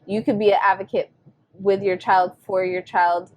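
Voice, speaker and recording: A young woman co-hosting a casual podcast, speaking at an ordinary middle pitch. She chats freely and loosely, slipping into quoted dialogue from home life with lots of filler words. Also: flat delivery, moderate pace, darkish tone, muffled recording. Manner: chatty, acts out her son and herself in quotes. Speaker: podcast co-host. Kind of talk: casual chat.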